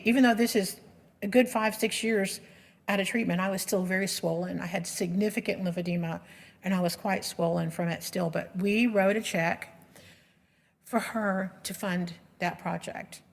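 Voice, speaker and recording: A middle-aged woman telling her story as a patient advocate in an earnest, emotional way, with frequent restarts. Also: mid-range voice. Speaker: patient advocate giving a presentation. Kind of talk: personal storytelling presentation. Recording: long reverb of a lecture hall.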